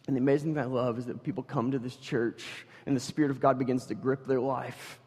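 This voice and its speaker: A man preaching a sermon as pastor, animated, swinging from loud emphasis to hushed intensity, with joking story asides. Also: medium pitch, fast, slightly rough, long reverb tail. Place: church sanctuary.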